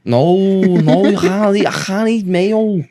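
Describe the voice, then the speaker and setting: A man puts on a cocky young Scouse lad with a slightly higher voice, who swears nonstop and rambles from one half-finished thought to the next. Every other word is mate or lad, and he calls everyone by those names. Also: slow pace, gravelly, mellow, full character voice. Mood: rambling. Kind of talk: improvised comedy character.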